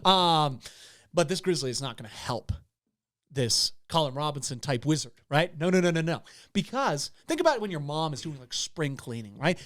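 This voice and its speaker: A man co-hosting a comedy podcast, telling rambling comic stories that swing between loud bursts and quiet asides. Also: on the high side, moderate pace, no room sound, studio quality. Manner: rambling animated storytelling, swings loud and soft. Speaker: podcast co-host.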